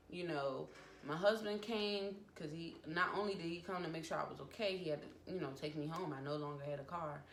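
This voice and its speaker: Woman, 20s, vlogger, emotional storytime with acted quotes; lowish voice, roomy echo. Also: a bit bright. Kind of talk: personal storytime vlog. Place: home room. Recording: echoey room with faint background noise. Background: family noise from downstairs.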